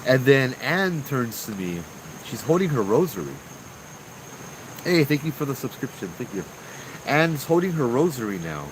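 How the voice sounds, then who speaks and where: A man, a storytelling host chatting casually and relaxed with his viewers as he tells ghost stories. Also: medium pitch, normal speed, noisy background. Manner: chatty, relaxed, talks to chat. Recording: outdoor ambience with crickets and insects.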